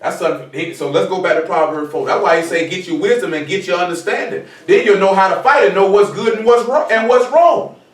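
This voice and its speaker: A man's voice: high-pitched, a little fast. A man teaching an informal sermon, conversational and repetitive, often asking his listeners if they follow him. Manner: conversational, repeats "you know what I'm saying". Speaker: preacher. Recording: echoey room from far off.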